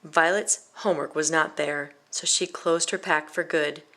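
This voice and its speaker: A woman with a low-pitched voice reads a children's picture book aloud a little slowly. She is expressive and acts out the sound effects.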